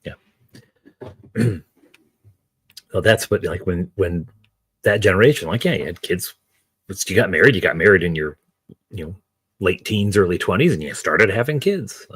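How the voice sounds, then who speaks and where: A man's voice: low-pitched, lively intonation, moderate pace, long pauses, fairly bright tone, husky, no echo. A man in his fifties chatting casually, rambling and wry. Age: 50s. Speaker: streamer. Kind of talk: casual chat.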